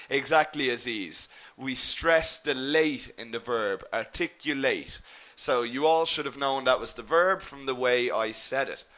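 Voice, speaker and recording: A man teaching an online business English lesson, encouraging his students, naming them as he checks their answers, and often asking "okay?". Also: mid-range voice. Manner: lively emphasis with frequent "okay?" and "guys".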